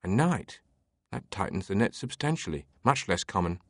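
A man's voice: sits low, sing-song, moderate pace, a bit bright, breathy edge, no room sound, clean studio sound, full character voice. A man voicing a cheerful, erudite British woman librarian with a fluid voice, talking in a chatty, teasing way. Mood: helpful. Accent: British (put on for the figure). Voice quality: pleasingly fluid voice. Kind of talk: audiobook character voice.

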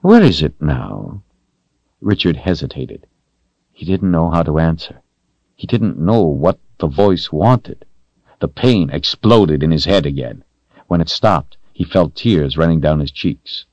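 A man narrating a fantasy novel in a slow, deliberate, dramatic way. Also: rumbling low, expressive, a little mellow, no echo, dull audio. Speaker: audiobook narrator.

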